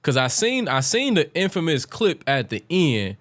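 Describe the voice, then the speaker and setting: A man's voice: fairly high pitch, very animated, moderate pace, fairly bright tone. A man hosting a casual podcast interview, laid-back and laughing often. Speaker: podcast host.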